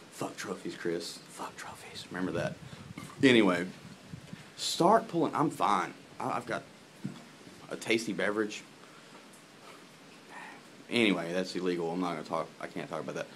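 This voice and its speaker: A man's voice: deep voice, animated, unhurried, long pauses, a bit bright, a little hiss or hum. Profane, rambling man ranting with big swings. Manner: profane, laughing, digressing. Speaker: vlogger. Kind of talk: rambling casual rant to camera. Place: outdoors in heavy rain.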